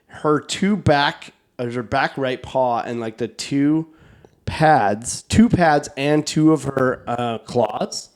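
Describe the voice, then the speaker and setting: A man co-hosting a comedy podcast, telling a long story in a loose, rambling way, full of fillers and casual swearing. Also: medium pitch. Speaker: podcast co-host.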